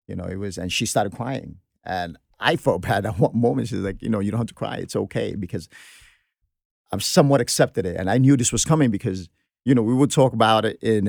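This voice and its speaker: A man's voice: fairly low pitch, vocal fry, darkish tone, no room sound, studio quality. A man in an earnest, heartfelt podcast conversation, telling a personal story with many restarts. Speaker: guest sharing a personal story.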